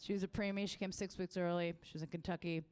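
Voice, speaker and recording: Brash woman doing stand-up, smooth voice. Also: quick pace. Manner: brash, profane storytelling; jumps to a much higher, excited voice for quoted lines. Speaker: stand-up comedian. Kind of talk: stand-up comedy set. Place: live comedy festival stage.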